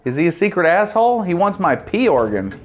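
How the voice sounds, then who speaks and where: A man's voice: sits high, big pitch swings, fairly quick. A man giving casual, rambling gameplay commentary, joking and laughing at his own jokes. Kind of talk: casual let's-play chat.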